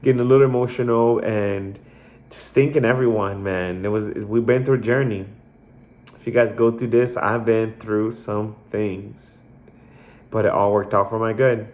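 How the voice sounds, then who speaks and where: A young man hosting his own faith podcast alone, reflective and emotional, with many fillers and pauses. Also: on the low side, fairly even intonation, darkish tone. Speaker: podcast host. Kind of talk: heartfelt solo faith podcast.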